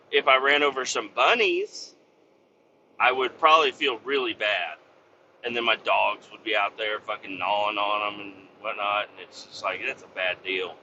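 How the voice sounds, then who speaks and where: Host, male, sharp bright voice, swears and rambles, slightly muffled lo-fi recording. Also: on the low side, a little hiss or hum. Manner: profane, rambling, full of fillers. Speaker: podcast host. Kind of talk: casual rambling monologue.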